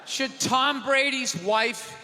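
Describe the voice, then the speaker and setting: A man doing a stand-up routine in a large theater, ranting loudly and mocking people in put-on voices. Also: very high-pitched, slow pace, faint music behind. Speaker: stand-up comedian. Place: large theater with live audience. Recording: live theater recording, hall reverb, audience noise. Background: audience laughter and crowd.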